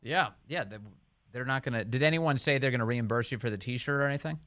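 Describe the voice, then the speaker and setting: A male radio talk show host interviewing a guest, conversational and quick to react and prompt. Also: medium pitch, a bit bright, dry recording.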